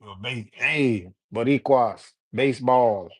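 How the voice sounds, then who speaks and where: A man hosting a casual livestream, reading viewer comments and giving shout-outs in a laid-back, slangy way. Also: mid-range voice, slow, no echo, clean studio sound. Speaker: livestream host reading chat.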